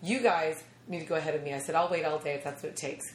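Animated woman telling a comic story. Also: low voice, quick pace, roomy sound, a little hiss or hum. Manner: animated, acts out quoted voices, laughs often. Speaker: comedian guest. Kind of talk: casual storytelling chat.

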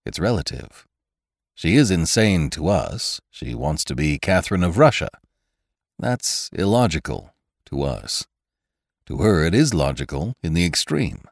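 A man's voice: low voice, very animated, unhurried, gravelly, no room sound, clean studio sound, exaggerated voice. A man voicing a weary, irritable male space traveler who snaps when pushed. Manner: tired and short-tempered, shouting in a crisis.

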